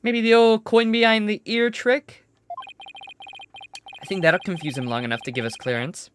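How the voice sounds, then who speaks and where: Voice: medium pitch, steady tone, moderate pace, a bit bright, a little hiss or hum, voice pushed up, close to an everyday voice. A streamer voicing an upbeat young woman defense attorney while reading game dialogue aloud, in a bubbly and bossy manner. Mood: eager.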